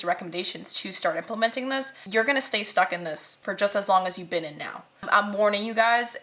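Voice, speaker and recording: A woman's voice: medium pitch, bright, forceful tone. A woman giving a pick-a-card tarot reading to her viewers, earnest and blunt, speaking straight to them. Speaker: tarot reader. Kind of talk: direct-to-camera tarot reading.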